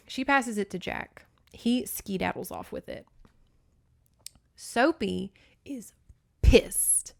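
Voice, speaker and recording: A woman's voice: a little high, slow, gravelly, long pauses, a little mellow, no room sound, clean studio sound. A young woman hosting a podcast, recapping a novel in a casual, chatty way with wry, sarcastic asides. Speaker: podcast host. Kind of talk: casual book recap with commentary.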